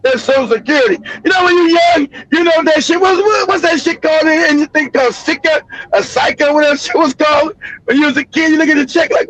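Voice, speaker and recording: A middle-aged man gives heated, profane livestream commentary, swearing freely and laughing at his own jokes. His pitch is extremely high and his delivery fast and a bit bright, on a rough recording with no echo.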